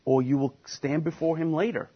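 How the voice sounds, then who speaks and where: A man's voice: fairly high pitch, steady tone, normal speed, husky, muffled recording. A man preaching a sermon, speaking emphatically and putting questions to the congregation. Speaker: pastor.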